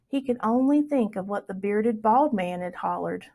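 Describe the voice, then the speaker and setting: Storytime reader. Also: female voice, a little high, moderate pace, few pauses. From Southwest Virginia. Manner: expressive, lilting storytelling. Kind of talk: reading a folktale aloud for children.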